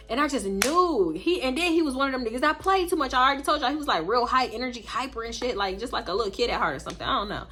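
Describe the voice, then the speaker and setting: A young woman with a Southern US accent telling a storytime vlog in a casual, profane and animated way, squeaking up high to act out what people said. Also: rapid-fire, few pauses. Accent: Southern US, Houston. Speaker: storytime YouTuber.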